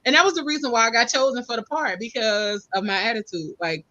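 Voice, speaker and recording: A woman guest in casual podcast chat, telling stories in an animated, expressive way. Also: a little high, fast talker, lo-fi sound.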